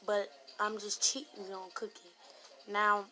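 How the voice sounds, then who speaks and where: A woman telling a casual story about an online game in a rambling way, getting louder when she quotes other people. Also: medium pitch, little pitch movement, measured pace, soft background music. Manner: rambling retelling with raised voice when quoting others.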